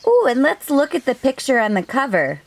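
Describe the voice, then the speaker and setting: A woman hosting a children's storytime, reading a picture book aloud gently and asking the children questions. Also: high-pitched, huge pitch swings, brisk, gravelly.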